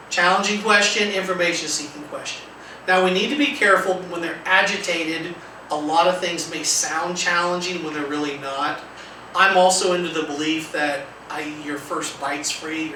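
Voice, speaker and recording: A man leading a training lecture, talking conversationally and acting out calm example lines. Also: on the high side. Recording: echoey room from far off, faint noise.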